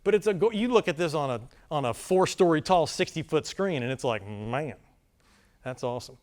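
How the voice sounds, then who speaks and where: Guy running a camera workshop for a room full of people, rambly and self-deprecating, voice sits a bit high for a man. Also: expressive, a little fast, darkish tone. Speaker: workshop presenter. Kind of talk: live workshop talk. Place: conference room before a live audience.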